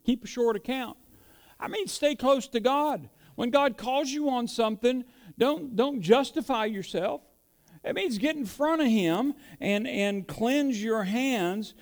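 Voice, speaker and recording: A middle-aged man preaching a sermon, mixing folksy storytelling with emphatic declarations. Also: sits high. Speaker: pastor.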